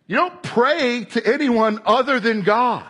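A man preaching a sermon, animated, acting out crowd voices and shouting at times. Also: very high-pitched, a little slow, slightly rough.

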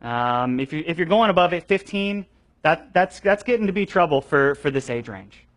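A young man leading a training session for children's ministry teachers, animated and conversational, with many fillers and restarts. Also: on the high side, moderate pace. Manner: acts out voices of students for effect.

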